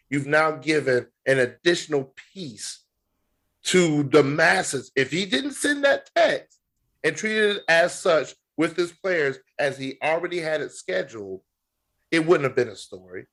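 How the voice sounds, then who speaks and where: A man co-hosting a sports podcast, talking casually as an animated, emphatic storyteller. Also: fairly high pitch, a little slow, gravelly. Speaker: podcast co-host.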